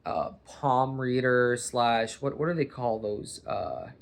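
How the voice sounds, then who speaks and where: A man from Boston talks into a camera propped on his coffee table at home. His voice sits at an ordinary middle pitch. He rambles casually, cuts himself off and circles back to his point. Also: takes it slowly, creaky. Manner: rambling, self-interrupting, chatty. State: warm under a sweater, hat and blanket. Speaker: vlogger. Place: home living room, recording on a coffee table.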